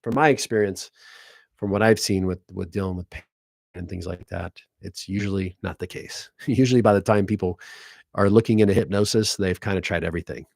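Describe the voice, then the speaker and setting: A male hypnotist telling a story straight to the viewer in an animated, earnest manner, slipping into quoted voices along the way. His voice sits fairly low, and the sound is dry and close with little room. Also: brisk, gravelly, no room sound. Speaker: hypnotist and coach. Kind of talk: casual storytelling to camera.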